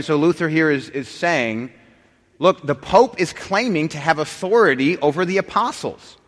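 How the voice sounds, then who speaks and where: A man's voice: fairly high pitch, a bit bright. A man teaching a class on scripture, talking casually to his students, often restarting sentences and joking with them. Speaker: Bible teacher. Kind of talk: lecture on scripture and church history. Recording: long hall reverb.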